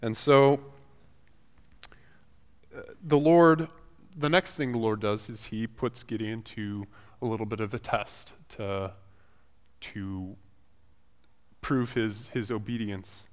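Man teaching, relaxed and conversational, paraphrasing scripture with halting restarts; voice trails in a long hall echo. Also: on the low side. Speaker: Bible teacher. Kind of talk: casual Bible lesson.

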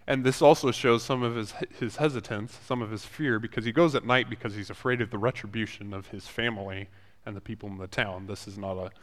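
Man teaching a Bible story in a reverberant hall. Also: lowish voice. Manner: conversational, retells scripture in paraphrase with halting restarts. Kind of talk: casual Bible lesson.

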